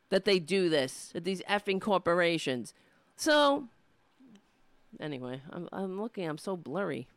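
A woman's voice: fairly low pitch, sing-song, a little slow, dry recording, clean studio sound. A woman ranting to camera, indignant and rambling, with frequent restarts and swearing. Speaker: political vlogger. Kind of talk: casual ranting monologue to camera. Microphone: camera mic.

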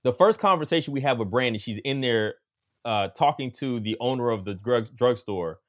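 Animated man hosting a film podcast. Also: mid-range voice, moderate pace. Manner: animated, acts out quotes, frequent "like". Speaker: podcast host. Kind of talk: casual film discussion.

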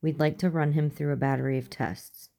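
Female army captain, brisk, clipped, voiced by a woman. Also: low voice, fairly even intonation, gravelly, warm tone.

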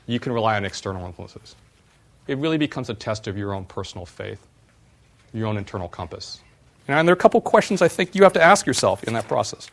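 A middle-aged man, a former startup CEO, giving a university talk and telling personal stories in an animated way. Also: medium pitch, a little fast, gravelly. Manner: animated storyteller, voice jumps up when retelling exchanges.

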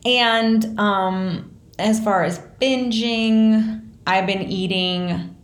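A woman's voice: mid-range voice, steady tone, extremely slow, roomy sound. A woman hosting a podcast in casual chat, talking loosely with lots of fillers and self-deprecating asides. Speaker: podcast host.

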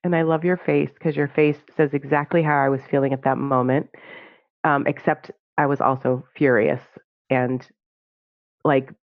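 A woman guest telling a personal story in conversation, animated and full of fillers, acting out what people said. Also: deep voice, no room sound. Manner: animated, reenacts dialogue with many fillers. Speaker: podcast guest, social justice trainer. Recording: narrow phone-like dry audio.

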